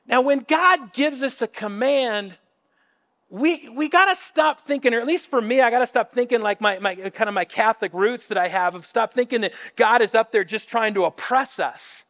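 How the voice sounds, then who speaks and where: High-voiced animated male preacher. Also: normal speed, in a large hall. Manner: animated, repeats words while building to a point, acts out quoted voices. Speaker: pastor. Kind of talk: sermon. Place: church sanctuary.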